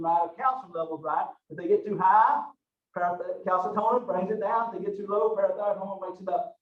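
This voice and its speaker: A middle-aged man lecturing a college class in a rambling, folksy way full of asides. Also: high voice. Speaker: college anatomy instructor. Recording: distant roomy lecture recording, dull lo-fi sound.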